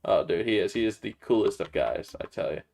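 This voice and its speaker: A man's voice: lowish voice, lively intonation, fairly quick, creaky, a little mellow. A young man hosting a gaming livestream, chatting loosely with friends. He hesitates a lot, stammering and filling gaps with "uh" and "um". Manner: hesitant, stammering, full of fillers. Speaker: streamer and host. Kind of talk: casual gaming livestream chat.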